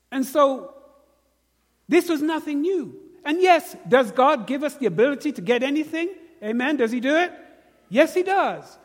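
A man's voice: extremely high pitch, long reverb tail. A man with a British accent preaching a sermon, questioning the congregation and drawing call-and-response. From Britain.

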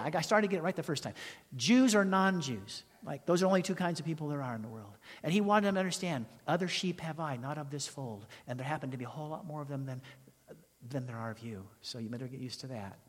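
A man preaching a storytelling sermon to his congregation in an animated way, quizzing the listeners and acting out the people in his stories. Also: sits high. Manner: animated, questions the congregation, acts out quoted voices. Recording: long hall reverb.

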